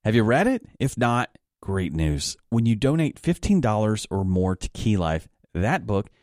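A man's voice: on the low side, big pitch swings, unhurried, darkish tone, no echo, studio quality. A man announcing a radio program in a friendly, lightly joking scripted read.

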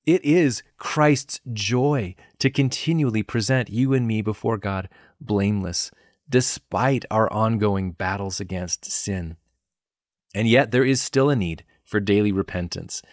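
A man hosting a podcast, giving an earnest, measured devotional teaching. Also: lowish voice, no room sound, clean studio sound. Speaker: podcast host and Bible teacher.

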